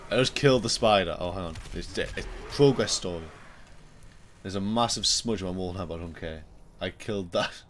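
A man's voice: low-pitched, moderate pace, a little hiss or hum. A man streaming a shooter game, yelping and muttering at the screen as he plays. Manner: excitable, yelps and mutters at the game. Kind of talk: live gameplay commentary.

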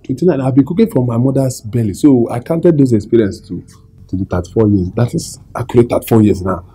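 A man's voice: mid-range voice, fast, mellow, slight background noise, lightly acted. A man with a Nigerian accent playing a boastful young cook interviewing for a job, rambling and mixing in Pidgin. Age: 20s.

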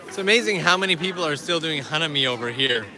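A man's voice: a little high, animated, quick pace, a crowd in the background. Chatty male livestream host, outdoors. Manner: chatty, answers viewer questions while walking. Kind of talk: casual live-stream chat. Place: outdoors in a park.

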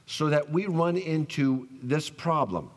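A male pastor preaching a sermon, telling the story with animated acted-out voices and dropping soft for tender lines. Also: fairly high pitch, measured pace. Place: church sanctuary. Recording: long church reverb.

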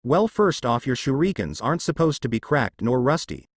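A man voicing a bold, bossy teenage girl ninja who runs a weapon shop, raised higher than his own voice and teasing. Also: very animated, moderate pace, dry recording.

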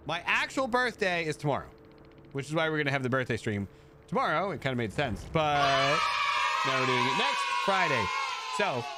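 A man hosting a live stream, chatting casually and rambling as he reads and answers his chat. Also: fairly bright tone. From United States. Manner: chatty and rambling, jumping up high when thanking viewers.

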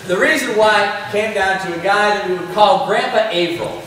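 Keynote speaker, man: lively laughing storyteller, slightly high voice, distant mic in a big echoing hall with faint noise. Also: moderate pace. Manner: animated, laughing, repeats words.

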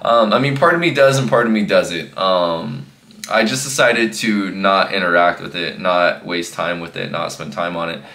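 A fitness coach gives a casual motivational talk in a low, bright, forceful voice. He speaks earnestly and rambles, restarting sentences and filling pauses as he goes. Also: a little hiss or hum.

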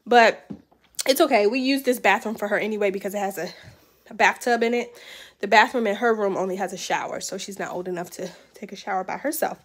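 A woman's voice: medium pitch, fast, husky. A tired, pregnant woman in her thirties chatting casually at home for her vlog, rambling with fillers. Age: 30s. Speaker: vlogger. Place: home, indoors.

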